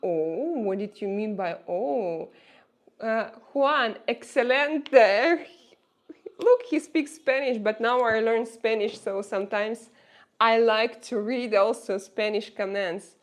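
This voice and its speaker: A woman with a Russian accent, a native Russian speaker, chatting on a live stream, reading viewer comments aloud and talking straight to them with many halting fillers. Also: fairly high pitch. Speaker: livestreamer.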